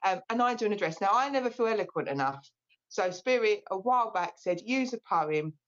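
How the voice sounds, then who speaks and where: A relaxed woman in her forties talks on a live spiritual stream, chatty and openly emotional. Her voice sits at an ordinary middle pitch. The stream audio is a little dull and lo-fi. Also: a little fast. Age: 40s. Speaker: psychic medium.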